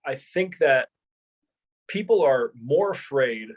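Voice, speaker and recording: A man's voice: mid-range voice, takes it slowly, low-quality recording. A young man, a martial arts instructor, talking casually in an interview and telling stories with lots of repeats and restarts. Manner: animated storyteller, many repeats and restarts.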